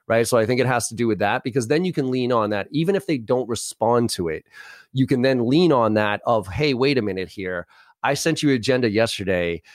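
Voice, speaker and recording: A man giving brash, animated sales advice in a podcast conversation, acting out both sides of sales calls. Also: mid-range voice, no room sound, studio quality. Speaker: sales trainer guest.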